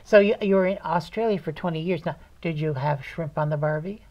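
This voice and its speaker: A woman's voice: low voice, fairly quick, a little mellow, muffled recording. A woman hosting a local talk show, chatting with her guest in a folksy, joking way. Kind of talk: casual interview chat.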